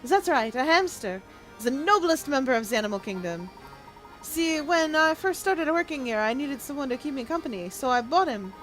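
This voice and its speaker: A woman's voice: high-pitched, expressive, normal speed, fairly bright tone, faint music behind. A woman voicing a fussy, chatty, lonely male cook. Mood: sheepish.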